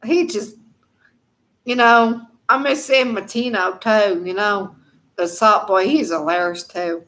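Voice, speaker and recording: A woman's voice: medium pitch, slow, a bit bright. A woman hosting a casual live chat at home, rambling and laughing often, with many fillers.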